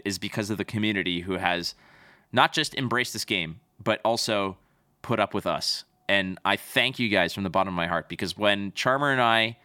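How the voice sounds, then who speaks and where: A man's voice: on the low side, pushed and bright, no echo. A man co-hosting a casual podcast, joking and chatty as he wraps up the episode. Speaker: podcast co-host.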